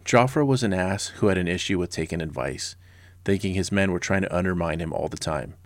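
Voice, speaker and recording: Brief: a low-voiced man in his forties, a history podcast host, blunt and sarcastic, in a dry, close recording. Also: a little fast, dry recording. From Southern California. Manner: sarcastic and blunt, with casual personal asides.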